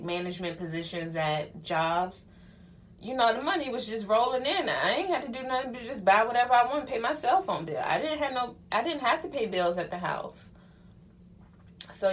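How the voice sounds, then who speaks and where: A young woman vlogging as she gets ready, telling her life story in a candid, chatty way and using slang like honey and child. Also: mid-range voice. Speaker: vlogger and hairstylist. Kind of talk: casual get-ready-with-me storytelling.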